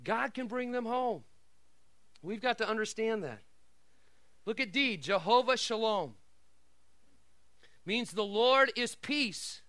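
Man, middle-aged, preacher, very high voice, bright and forceful, dry close sound. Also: lively intonation, slow pace, long pauses, no echo. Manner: preaching with shouts, laughs and asides to the congregation. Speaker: pastor. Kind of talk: sermon.

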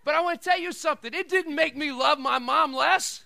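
A middle-aged man preaching a sermon as pastor, telling stories with animated swings between shouted lines and quiet asides. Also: very high-pitched, brisk, vocal fry, no room sound.

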